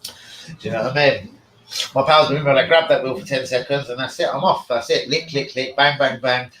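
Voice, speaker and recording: A man's voice: medium pitch, fairly quick, a bit bright, a little hiss or hum. A man, rambling and swearing in casual live-stream chat as the host. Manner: rambling, slangy, swears a lot. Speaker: livestream host. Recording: echoey room.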